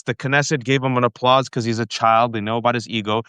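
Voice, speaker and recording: A man hosting a political show who argues with passion and turns often to his viewers. His pitch is middling. The sound is dry and close. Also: fairly even intonation, fast talker, fairly bright tone, clear, resonant tone, dry recording. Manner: impassioned, addresses viewers directly. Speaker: host. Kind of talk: political commentary.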